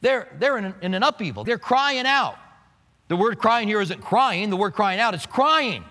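Animated high-voiced preacher in a hall. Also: male voice, normal speed. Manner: animated, acts out scenes with quoted voices. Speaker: pastor. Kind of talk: sermon.

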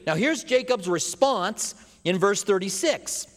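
A man preaching a sermon as a pastor, an animated storyteller who drops to hushed emphasis, heard in a church sanctuary. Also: high voice, moderate pace. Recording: long hall reverb.

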